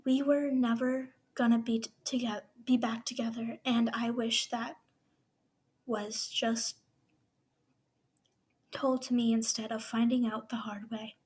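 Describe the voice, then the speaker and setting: A woman reading aloud a farewell letter from a heartbroken young man, softly and half whispered. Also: fairly high pitch, flat delivery, slow, long pauses, husky. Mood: sorrowful.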